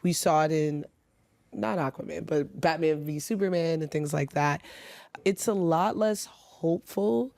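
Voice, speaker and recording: A woman's voice: sits low, a little slow, creaky, a little mellow, dry recording. A woman with a New York accent co-hosting a podcast in casual, enthusiastic chat, laughing often. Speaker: podcast co-host.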